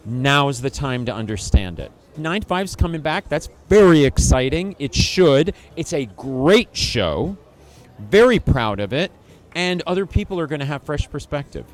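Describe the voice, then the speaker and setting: A man's voice: a little high, sing-song, moderate pace. A male actor and singer giving a red-carpet interview, emphatic and self-assured.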